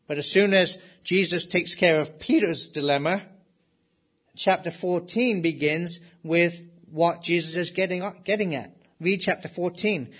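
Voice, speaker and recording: A middle-aged male pastor delivering an expository sermon. His voice sits a little high for a man, and he moves between easy, conversational explanation and emphatic readings of scripture. He often poses rhetorical questions and then answers them himself. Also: a bit bright.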